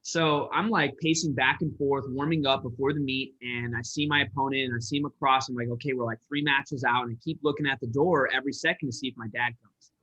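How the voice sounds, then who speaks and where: A man's voice: medium pitch, steady tone, quick pace, bright, forceful tone, slightly rough. A man from Michigan, a sales coach, telling a personal story in an earnest, rambling way with many restarts. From Michigan, USA. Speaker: guest, entrepreneur and sales coach. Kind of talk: personal storytelling in a podcast interview. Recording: dull lo-fi audio.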